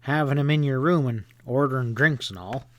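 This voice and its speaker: A man voicing a hot-tempered middle-aged hotel owner in a western audiobook, gruff and blustering. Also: medium pitch, normal speed, no room sound, natural voice. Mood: contemptuous.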